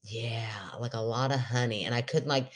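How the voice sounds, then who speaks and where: Deep-voiced woman telling a story on a podcast, laughs a lot, acts out the quotes. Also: a little fast. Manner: animated storyteller, laughs often, quotes herself in a raised voice. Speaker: podcast co-host. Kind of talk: casual chat, storytelling.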